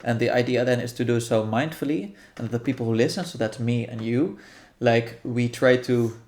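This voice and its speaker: Man, mid-pitched voice, thoughtful, halting, explaining step by step. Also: a little mellow. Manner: thoughtful, halting, many restarts and fillers. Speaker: guest guiding a meditation practice. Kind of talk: explaining a practice in casual conversation.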